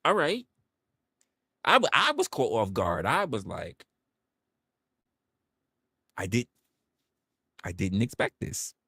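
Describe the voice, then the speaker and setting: A young man telling a story to his viewers, cursing freely and acting out every line. His low voice jumps all over in pitch, and the sound is dry and close. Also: takes it slowly, gravelly, pauses often, breathy edge, no echo. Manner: animated, profane, acts out quotes. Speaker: livestream host.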